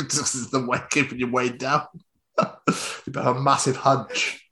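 A man's voice: mid-range voice, level tone, slow, sharp tone. A British man hosting a podcast, bantering casually, swearing and joking between laughs. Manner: sweary, jokey, laughs often. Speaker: podcast host.

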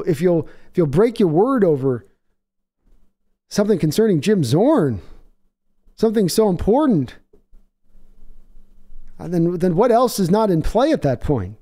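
A man's voice: high-pitched, mellow. A man hosting a casual livestream, rambling, chatty and self-deprecating as he answers chat. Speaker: livestream host.

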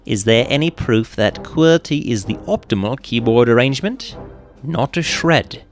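Guy reading an article out loud, gravelly voice jumping up and down, leaning hard on points. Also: medium pitch, expressive, moderate pace, soft background music.

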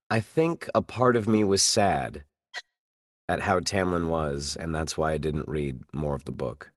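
A man with a very deep, low voice, talking as a voice actor guest in a relaxed interview. He muses thoughtfully and drops playful, self-deprecating jokes. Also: unhurried. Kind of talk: casual interview chat.

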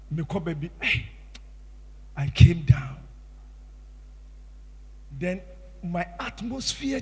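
A pastor with a Ghanaian English accent preaches an impassioned sermon, swinging between hushed tones and shouts. His voice sits high and husky, trailed by a long reverb.

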